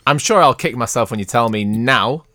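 A man's voice: medium pitch, brisk, bright, forceful tone. A man with a mid-range voice chats casually on a podcast. He sounds candid and a bit sheepish. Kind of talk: casual chat.

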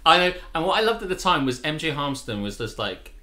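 A man co-hosting a podcast with animated, sweary mock-rants. His pitch swings widely and sits a little high, and the tone is bright and forceful. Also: brisk. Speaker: podcast co-host. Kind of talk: casual chat.

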